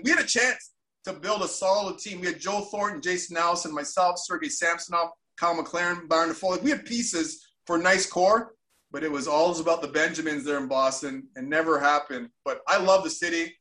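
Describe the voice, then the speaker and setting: Animated, bright-voiced man telling a story. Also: fairly high pitch, fairly quick. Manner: animated, acts out quotes with voices. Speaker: former pro hockey player, podcast co-host. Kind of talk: casual storytelling chat.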